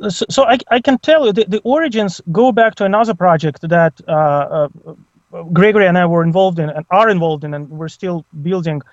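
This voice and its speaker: A man with a Russian accent talks over a Skype call, measured and steady, sprinkling in "uh" fillers. His voice is high and dry, muffled by the call line. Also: dry recording. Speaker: guest, crypto project co-founder. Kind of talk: interview answers.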